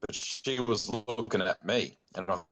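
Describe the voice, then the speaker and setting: Middle-aged Australian male guest, low-pitched, loose and animated storyteller. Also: measured pace. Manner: rambling, animated anecdote telling with many fillers. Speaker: guest, bowhunting club chairman. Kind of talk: casual storytelling chat.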